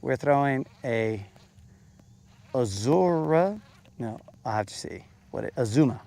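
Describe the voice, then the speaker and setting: Slow, gravelly fishing show host. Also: male voice, medium pitch, expressive, warm tone. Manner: laid-back, joking. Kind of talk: casual fishing commentary. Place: boat on a lake, outdoors.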